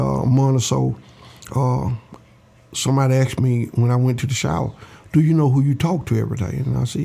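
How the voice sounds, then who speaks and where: An older man, his voice gravelly and mellow. He tells his story to an interviewer slowly and earnestly, and he acts out the voices of the people he quotes. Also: mid-range voice. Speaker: interview guest.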